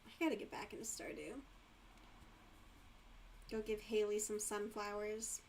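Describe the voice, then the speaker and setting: A woman hosts a livestream, chatting casually as she crochets, laughing often and swearing freely. Her mid-range voice is monotone and a little slow. There's a little hiss or hum in the audio.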